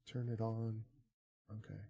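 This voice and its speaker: A man's voice: lowish voice, completely flat delivery, a little slow, gravelly, mellow, no echo, dull audio. Dry-voiced cursing streamer man. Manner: rambling, profane, self-mocking. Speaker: live streamer. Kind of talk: casual stream chat. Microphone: desk microphone on arm.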